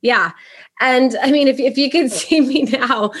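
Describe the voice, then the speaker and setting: A middle-aged woman from Puerto Rico talks as a podcast guest, with a fairly high voice. She tells her story in a casual, animated way and acts out the voices of the people she quotes. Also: a little slow.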